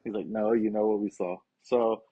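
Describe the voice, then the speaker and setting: Man, husky, dry close sound, lo-fi, casual storytelling, swears, acts out quoted voices. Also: fairly low pitch, steady tone, normal speed, warm tone, no room sound. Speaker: podcast guest, skateboarding coach. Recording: dull, lo-fi sound.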